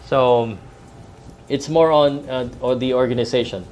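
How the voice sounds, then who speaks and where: A man's voice: mid-range voice, steady tone, unhurried, a little mellow, slight background noise. A man from the Philippines, a professional commentator, chatting loosely about boxing and MMA on a live stream, with many fillers and restarts. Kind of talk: live fight-night talk.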